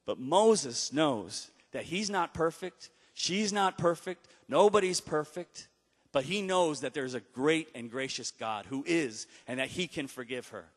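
A man preaching a sermon, telling a story with dramatic pauses and acted-out quotes. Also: a little high. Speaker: pastor. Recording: long hall reverb.

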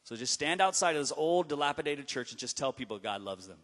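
A man preaching a storytelling sermon, swinging between emphatic exhortation and hushed retelling. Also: on the high side, expressive, quick pace. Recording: long hall reverb.

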